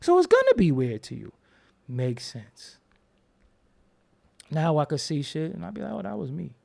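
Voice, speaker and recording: A man's voice: on the high side, huge pitch swings, unhurried, creaky, a little mellow. A man hosting his own channel, talking in a casual, profane, rambling monologue and acting out quoted voices as he tells stories. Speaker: host.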